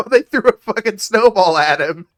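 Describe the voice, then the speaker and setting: A man hosts his own casual comedic podcast, telling stories in a rambling, profane way and laughing often. His voice is medium-pitched with a fairly bright tone.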